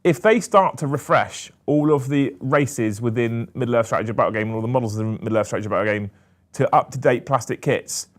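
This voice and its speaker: A man co-hosting a casual podcast chat, animated and swearing freely, laughing often. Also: medium pitch, a little fast. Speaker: co-host.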